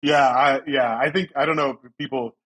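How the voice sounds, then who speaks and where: A man from Ohio talking as a guest on a podcast, explaining things in a loose, relaxed way full of fillers. His voice is mid-pitched and a bit husky. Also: moderate pace, rough recording. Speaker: guest, company founder. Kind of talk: casual interview chat.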